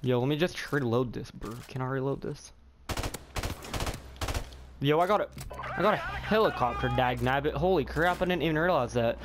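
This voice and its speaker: A young man casually commenting on his own gameplay, rambling and excitable, often repeating exclamations. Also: mid-range voice, moderate pace, pauses often, noisy background. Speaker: gaming YouTuber. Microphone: headset or desk mic.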